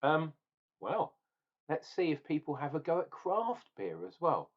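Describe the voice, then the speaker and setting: A man's voice: on the high side, big pitch swings, measured pace, dull audio. A man ranting and tasting beer in a casual review vlog, opinionated and swearing now and then.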